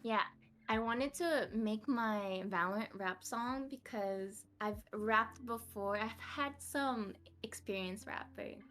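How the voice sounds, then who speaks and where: Brief: young American woman as a podcast guest, unhurried and giggly, self-mocking. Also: a little high, a bit bright. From United States. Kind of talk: casual interview chat.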